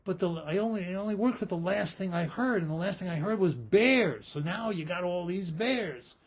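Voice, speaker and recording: Guy voicing a fussy sorceress explaining herself, higher and husky. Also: lively intonation, moderate pace, full character voice. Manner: earnest, explaining. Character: flustered female sorceress.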